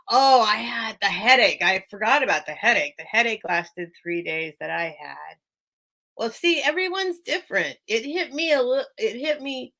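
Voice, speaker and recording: A woman's voice: on the high side, very animated, moderate pace, a bit bright. An American woman hosting a live sale stream, chatting casually with viewers by name and laughing often.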